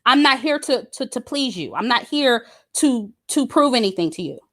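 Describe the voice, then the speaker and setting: A woman's voice: on the high side, sing-song, moderate pace. Woman; casual, blunt commentator who curses freely and repeats her points for emphasis. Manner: blunt, cursing, emphatic and repetitive. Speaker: YouTube commentator. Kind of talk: casual direct-to-camera rant.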